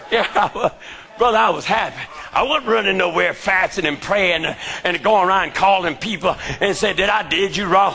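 Very high, gravelly shouting preacher man. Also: animated, moderate pace. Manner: shouting, call-and-response. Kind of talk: sermon.

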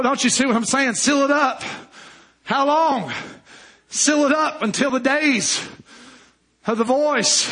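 Man, preacher, fervent sermon, shouts and drops low, husky, sharp tone.

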